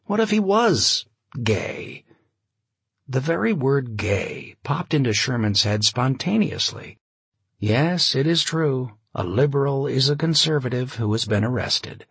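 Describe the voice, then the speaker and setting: A man reading a novel aloud, a measured and expressive narration with a wry touch. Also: medium pitch, vocal fry, slightly rough, no echo. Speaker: audiobook narrator. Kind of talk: scripted narration.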